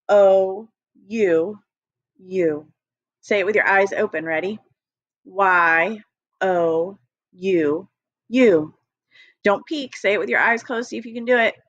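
A woman's voice: mid-range voice, fairly bright tone, no room sound. A woman teacher leading a recorded early-grade phonics lesson, patient and encouraging, spelling out letters one by one. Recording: dry, dull lo-fi home recording.

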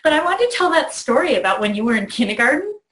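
A middle-aged woman hosting a talk, telling a lively story to a child in a bedroom. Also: high voice, fast, echoey room. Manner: animated storyteller, acts out voices in quotes. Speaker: host. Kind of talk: warm storytelling to a child on video.

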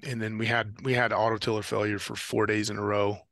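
Man, gravelly voice, bright and forceful tone, dry close sound, animated storyteller, podcast guest. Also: on the low side, a little fast, no echo. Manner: animated storyteller, acts out radio calls. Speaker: guest, ocean rower and former Marine officer. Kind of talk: casual storytelling interview.

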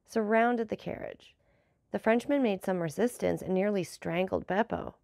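A woman narrating a classic novel as an audiobook in an even storytelling delivery. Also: mid-range voice, vocal fry, no echo, studio quality.

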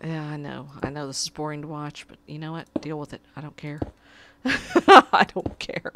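A woman's voice: sits low, flat delivery, quick pace, dry recording. A woman giving casual gameplay commentary, muttering to herself and pleading with her cat at her desk. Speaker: gamer.

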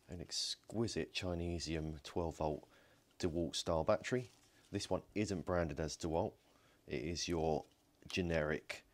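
In his home workshop, a man hosts a casual DIY electronics video, narrating as he takes apart a battery pack. He jokes and thinks aloud as he works, with frequent ums and self-corrections. His voice is deep, with slight background noise.

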